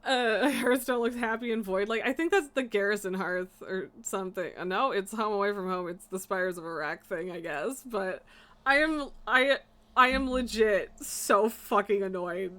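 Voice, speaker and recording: A woman's voice: mid-range voice, moderate pace, a bit bright. A young woman streaming a game, ranting in exasperation and laughing between swears. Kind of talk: casual live-stream rant while gaming.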